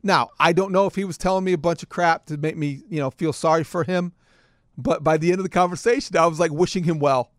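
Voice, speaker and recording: A man's voice: a little high, fast, no echo, studio quality. A middle-aged man co-hosting a casual chat, telling a story animatedly and acting out both sides of a phone call. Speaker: co-host.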